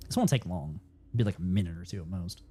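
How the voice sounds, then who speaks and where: A man's voice: low voice, lively intonation, quick pace, dark tone, husky. A man chatting casually while streaming a game, rambling and swearing freely, his throat dry. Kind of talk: casual gameplay commentary. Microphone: studio desk mic.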